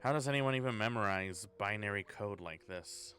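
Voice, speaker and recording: A man's voice: on the low side, moderate pace, pushed and bright, a little hiss or hum. A man streaming a horror game, thinking aloud in a sarcastic, swearing way. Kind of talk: casual horror game let's play.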